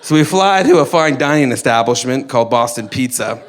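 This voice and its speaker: A man's voice: medium pitch, lively intonation, fairly quick, a little hiss or hum. A young man telling a funny story on stage at a live storytelling night, rambling and mocking himself, with many restarts. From Canada. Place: live storytelling event in a venue.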